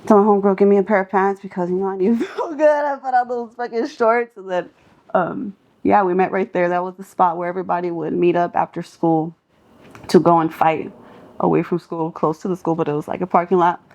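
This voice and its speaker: A woman's voice: lowish voice, fairly quick, dull audio. A young woman from Southern California, a singer guest on a podcast, telling street stories in a casual, profane way, laughing often and acting out what people said. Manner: animated, laughing, acts out quotes.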